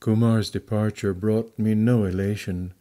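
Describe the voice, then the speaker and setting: A man reading a memoir aloud as an audiobook narrator, in a measured, deliberate style. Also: lowish voice, steady tone, warm tone. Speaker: audiobook reader.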